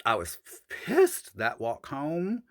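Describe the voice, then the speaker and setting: A man tells a story from his past in a casual, profane monologue, calling his viewers honey and y'all. He speaks slowly, and his pitch swings hugely, jumping high for emphasis.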